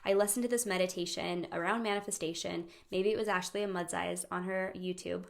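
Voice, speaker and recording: A young woman hosting a casual live-streamed talk on friendship, animated, laughing often and acting out quoted voices. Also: fairly low pitch, brisk, vocal fry. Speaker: host of a friendship training.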